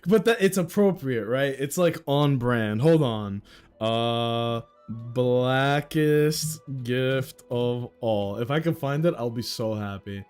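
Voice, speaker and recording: A man's voice: medium pitch, lively intonation, a little slow, darkish tone, clear, resonant tone, faint music behind. A man livestreaming a story game, chatting casually in laid-back slang and laughing easily. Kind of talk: casual game stream reaction.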